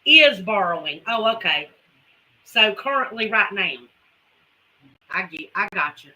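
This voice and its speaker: A woman's voice: mid-range voice, lively intonation, unhurried, bright, forceful tone, rough recording. A woman with a Southern US accent, chatting folksily with viewers as a homesteading livestream host. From Carolinas, US. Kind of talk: casual livestream chat with viewers.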